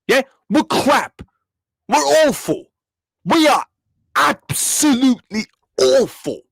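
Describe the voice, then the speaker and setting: Slow and sing-song, a very high, fairly bright voice with vocal fry and a breathy edge belongs to a young football streamer reacting live to a match. He's furious, swearing, repeating himself and talking back to chat, in a dry studio-quality recording.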